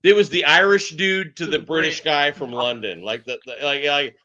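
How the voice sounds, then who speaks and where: Male host, bright storyteller who halts and restarts, muffled lo-fi line. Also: a little high. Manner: storytelling, halting restarts, laughs. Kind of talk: casual group chat. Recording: muffled lo-fi sound.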